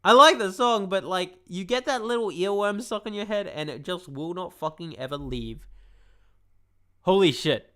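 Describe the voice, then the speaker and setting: A man's voice: high-pitched, expressive, normal speed, pushed and bright. Swearing, rambling game streamer man. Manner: swears often, rambling and scattered. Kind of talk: casual game playthrough commentary.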